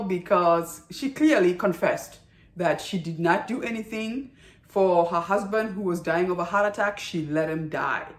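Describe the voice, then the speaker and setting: Woman gushing and ranting about a drama, keeps asking right? okay?, echoey room sound. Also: mid-range voice. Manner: emphatic, chatty, with frequent "right?" and "okay?" tags. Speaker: TV drama reviewer. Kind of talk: casual review chat. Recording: roomy echo.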